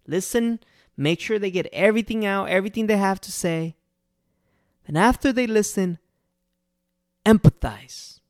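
A restaurant owner walks through how to handle unhappy customers, earnest and repeating each key point for emphasis. The voice is gravelly, with a rough fry in it. The recording is dry and close, with no room sound. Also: medium pitch, darkish tone, no echo. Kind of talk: casual customer-service advice talk.

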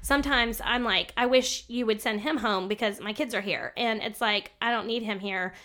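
A woman co-hosting a casual chat podcast, animated and ranting, often talking over her sister. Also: fairly high pitch, moderate pace. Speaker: podcast co-host; teacher of children's classes.

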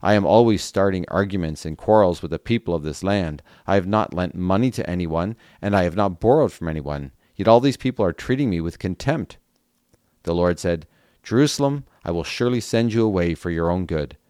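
A man reads scripture aloud in a deep, low voice. His delivery is earnest and steady, with occasional relaxed asides full of small fillers. The sound is dry and close, with no room around it. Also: brisk, no room sound. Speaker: Bible reading podcast host. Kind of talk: Bible reading with brief commentary.

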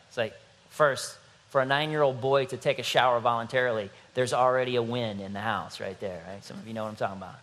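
A man's voice: medium pitch, fairly bright tone. A father and pastor preaching to his congregation, telling stories in a conversational way with dry sarcasm. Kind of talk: sermon. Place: church hall before a congregation.

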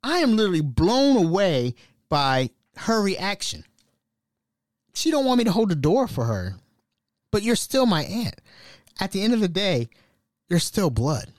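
Animated man telling a story. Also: high voice, a little slow, long pauses, dry recording. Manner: animated, drops to whispers when quoting himself. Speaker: podcast host. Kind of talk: casual storytelling.

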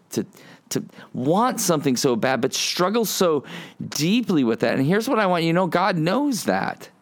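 A man in his forties giving an earnest podcast sermon, often restarting his sentences and building to animated emphasis. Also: fairly high pitch. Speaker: podcast pastor.

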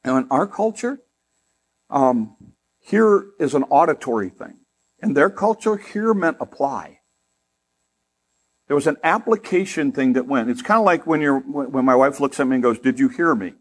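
A middle-aged man preaching a sermon in a conversational way, with humorous asides and rising emphasis, turning softer and slower when he prays. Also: expressive. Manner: softer, slower and lower in prayer. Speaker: pastor.

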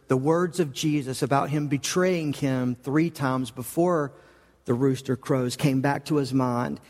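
A man's voice: on the high side, a little mellow, in a large hall. A male pastor preaching a sermon, telling the story conversationally and acting out the quoted lines.

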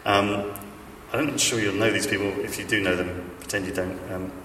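A man's voice: lowish voice, steady tone, moderate pace, sharp tone, recorded from a distance, slight background noise. A man giving a chatty sermon full of stories, with a self-deprecating humor and plenty of fillers and restarts. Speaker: preacher. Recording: echoey hall, speaker off-mic.

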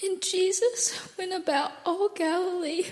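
A woman with an Alabama accent reading scripture aloud in a congregation, halting now and then to correct herself. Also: very high voice, steady tone, a little mellow. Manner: reads haltingly, slips and self-corrects. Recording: distant voice in an echoey hall.

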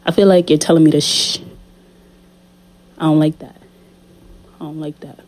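A woman's voice: low voice, fairly even intonation, normal speed, a little mellow. A woman hosting her podcast in a casual monologue, playful and repeating herself as she talks straight to her listeners, a little out of breath. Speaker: podcast host. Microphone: studio condenser mic.

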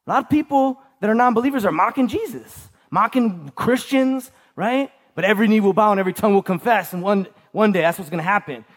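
A man with a strikingly high voice delivers a sermon. He preaches emphatically, circling back to repeat his key lines and checking in with the listeners through quick rhetorical questions. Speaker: pastor.

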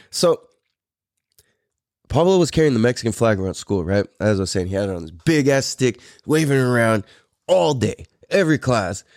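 A man's voice: mid-range voice, big pitch swings, moderate pace, darkish tone, no room sound, studio quality. A man in his thirties from California, a podcast host telling a story in a loose, profane, rambling way with frequent laughs. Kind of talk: casual storytelling.

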